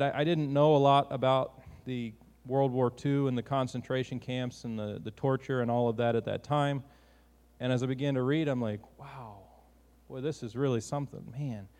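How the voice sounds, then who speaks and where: A man's voice: medium pitch, darkish tone. Earnest preacher man in a reverberant hall. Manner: conversational, earnest preaching with restarts. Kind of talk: sermon.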